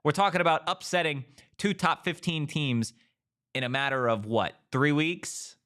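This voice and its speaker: A man hosting a casual sports talk show, firing off rhetorical questions in an animated way. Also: medium pitch, clear, resonant tone.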